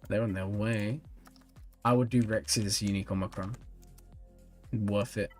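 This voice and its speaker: Sleepy low-voiced man streamer. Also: fairly even intonation, measured pace, a little mellow, soft background music. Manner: chatty, reads and answers viewer chat. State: sleepy, yawning. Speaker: streamer reviewing game rosters. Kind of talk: casual live-stream chat.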